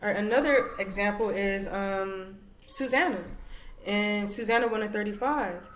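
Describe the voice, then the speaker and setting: A woman's voice: mid-range voice, moderate pace, reverberant, slight background noise. A woman teaching women from scripture in a conversational way, reading verses aloud and checking in with "all right" and "okay". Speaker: women's Bible study teacher.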